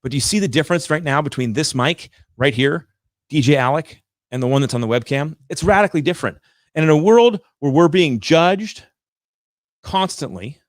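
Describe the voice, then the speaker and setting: A man's voice: a little high, no room sound. A man hosting a live show, giving direct, emphatic coaching talk with points repeated for effect, in a room with large windows on a studio microphone.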